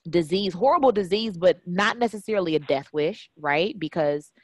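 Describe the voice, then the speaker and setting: A woman hosting a podcast interview, relaxed and chatty, with casual slang. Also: lowish voice, normal speed, no echo. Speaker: podcast host.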